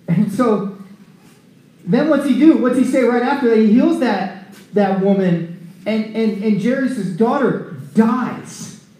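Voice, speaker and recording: High-voiced male preacher in an echoey room. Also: slow pace. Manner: animated storytelling, acting out scripture scenes. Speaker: preacher at a recovery ministry. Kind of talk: conversational sermon.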